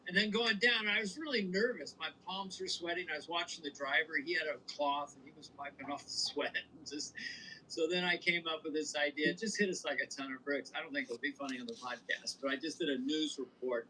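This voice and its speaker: Montana guy telling stories on a podcast, bright punchy voice, faint hiss behind. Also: fairly high pitch, fairly quick, rough recording. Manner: animated storyteller, slips into old-timey voices. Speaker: podcast co-host. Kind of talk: casual chat.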